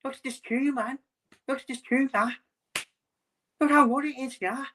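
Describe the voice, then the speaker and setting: A sing-song young Liverpool supporter with a broad Liverpool accent, put on by a man, pitched well up and bright. He tags every line with mate and fumes over the football. The voice rings with a tense, forceful edge. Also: steady tone, normal speed. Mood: chirpy. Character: fuming young male Liverpool fan craving chips.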